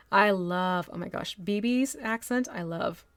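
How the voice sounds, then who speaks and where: A woman from northwestern New Jersey, speaking with a local accent in a mid-range voice with no echo, demonstrates miniature painting on a live stream. She chats casually, laughs easily, and thinks aloud as she works.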